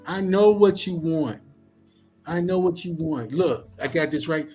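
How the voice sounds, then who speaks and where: A man voicing the devil as a smooth used car salesman, coaxing and wheedling. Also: fairly high pitch, measured pace, dark tone, soft background music, pitched above the performer's own voice, natural voice.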